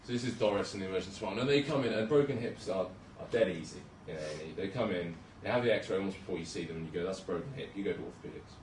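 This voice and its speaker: A young man with a low voice talks casually and self-deprecatingly about his work, with plenty of ums and restarts. He is heard from some distance, in an echoey hall with a little room noise behind him. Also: very fast, hardly any pauses. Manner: chatty, self-deprecating, hesitant with many ums. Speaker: junior doctor giving a talk. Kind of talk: casual presentation with slides. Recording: roomy hall, speaker far from mic.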